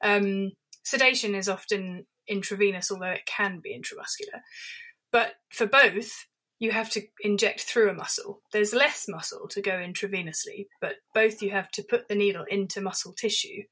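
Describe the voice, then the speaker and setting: A woman's voice: medium pitch, moderate pace, a bit bright. A woman veterinary surgeon as an interview guest, explaining carefully and thoughtfully, with hesitations. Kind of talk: interview conversation.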